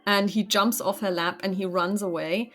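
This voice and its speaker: A woman game master narrating a tabletop role-play in a relaxed, hesitant storytelling manner. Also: medium pitch, normal speed.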